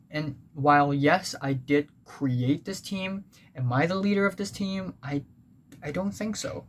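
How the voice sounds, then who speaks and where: A young man with a fairly high voice recounts his school days in a rambling, confessional monologue, stumbling over restarts and fillers. A steady hum of background noise sits under him. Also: a little slow. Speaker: vlogger. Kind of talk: personal storytelling monologue.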